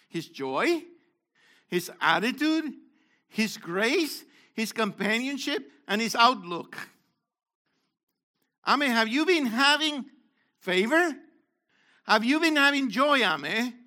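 An older man preaching an interactive sermon, questioning the congregation and calling on people, moving between loud exhortation and quiet asides. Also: high voice.

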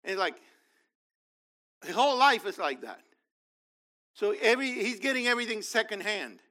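Male preacher, high and bright, animated Bible teaching. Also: moderate pace. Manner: animated, acts out biblical figures, talks to congregation.

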